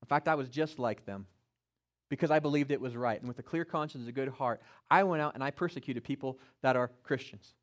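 A man preaching a sermon, acting out biblical figures in first person and building to loud, climactic stretches. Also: fairly quick. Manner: animated preacher, voice climbing louder and higher as he builds. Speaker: pastor.

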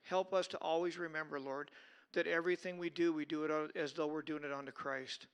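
A male pastor leading a steady, earnest closing prayer at a church service. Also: fairly high pitch, a little fast, clear, resonant tone.

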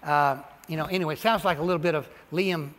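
High bright-voiced male pastor preaching. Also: fast. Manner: animated preaching, repeats and stresses phrases. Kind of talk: sermon. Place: church sanctuary. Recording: long hall reverb.

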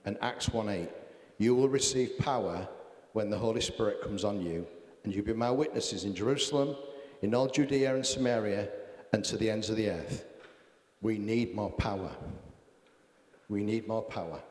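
A man's voice: lowish voice, a little mellow, roomy sound, long reverb tail. A man preaching a sermon, earnest and self-deprecating, reading Bible passages aloud. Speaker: pastor.

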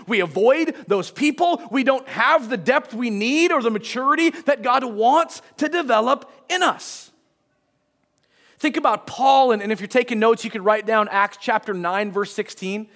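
A man preaching in a church with a notably high-pitched voice. He talks in a loose, conversational way, reads long passages aloud and briefly acts out the people in his stories. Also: moderate pace, fairly bright tone. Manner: conversational, acts out short quotes, many restarts. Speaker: pastor. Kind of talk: sermon.

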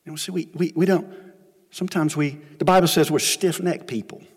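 A middle-aged pastor, preaching a sermon in a folksy storytelling way that swings between loud and soft. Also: male voice, fairly high pitch, steady tone, fairly quick, breathy edge, big-room sound. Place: church sanctuary.

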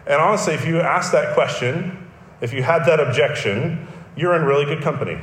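A man's voice: fairly high pitch, a little fast, fairly bright tone, echoey room. A man preaching a sermon, explaining a text in an earnest teaching manner with emphatic repetition. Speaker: pastor.

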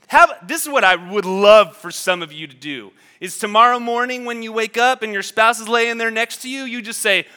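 A man preaching a sermon with fervor, swinging from quiet reflection to loud exhortation and often repeating words as he thinks. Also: high-pitched, moderate pace, few pauses, smooth. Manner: fervent, swings from quiet to shouting. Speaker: pastor.

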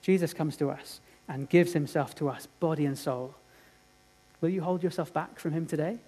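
A man preaching a sermon, telling a story earnestly and dramatically, swinging from loud to hushed. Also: fairly high pitch, normal speed.

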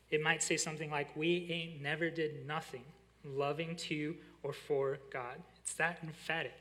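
Preaching a sermon, a young college pastor with a slightly high voice spins a lively story. When he reaches the important lines, he eases his pace and lowers his volume.

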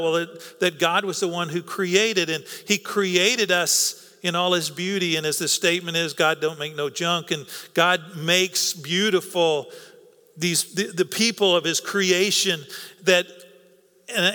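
A man's voice: fairly high pitch, sharp tone. A man preaching a sermon in an earnest, coaxing way, repeating words for emphasis. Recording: long reverb of a hall.

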